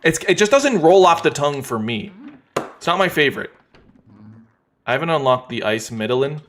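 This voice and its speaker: A man streaming a game, talking in a relaxed, wry, joking way as he plays. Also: fairly high pitch, moderate pace, a little hiss or hum. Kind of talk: casual gameplay commentary.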